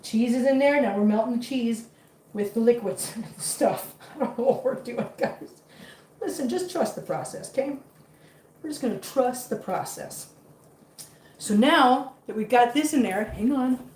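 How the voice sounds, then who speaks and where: A fairly high-voiced woman chatting away as she cooks at home, flustered and talking straight to her viewers and her cats. She sits a little back from the mic, and the kitchen rings with echo under a faint hiss. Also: unhurried, a little mellow, distant mic. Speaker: cooking vlogger. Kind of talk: casual cooking chat to viewers.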